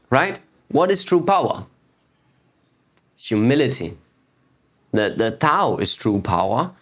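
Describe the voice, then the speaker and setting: A man in a mid-range voice gives a reflective spiritual teaching talk as host of his own video series. He speaks in an unhurried way, circles back to repeat key phrases and asks rhetorical questions. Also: medium pitch.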